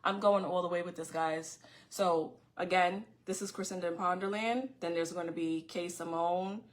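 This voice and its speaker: A middle-aged woman from Queens, hosting a casual livestream podcast and talking fast and loud to her viewers with frequent restarts. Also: fairly low pitch, steady tone. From Far Rockaway, Queens, New York. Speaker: podcast host.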